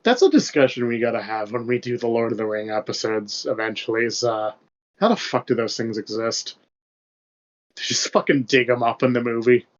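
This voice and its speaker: A young man co-hosts a podcast, chatting casually and rambling, loose and profane, with lots of fillers. His mid-range voice moves briskly through a dull lo-fi podcast mic.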